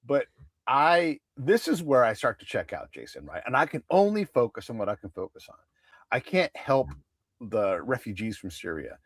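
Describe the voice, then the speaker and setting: A man's voice: mid-range voice, a bit bright, no echo, studio quality. A man in his fifties hosting a podcast, talking in a blunt, opinionated way with the odd swear word. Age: 50s. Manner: blunt, opinionated, swears freely, mocks news anchors. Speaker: podcast host. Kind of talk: casual conversational interview.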